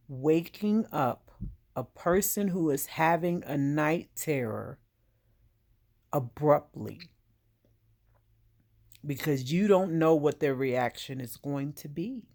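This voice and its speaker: A woman's voice: deep voice, animated, very slow, long pauses, a little mellow. A woman and veteran speaking straight to the viewer, giving direct, emphatic advice in an earnest monologue. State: getting emotional.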